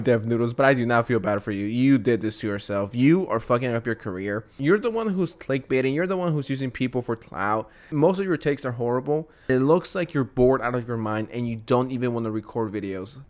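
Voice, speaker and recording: A man's voice: medium pitch, expressive, a little fast. A man ranting in mocking, blunt commentary, trading sarcastic insults with a casual edge. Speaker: YouTube commentator.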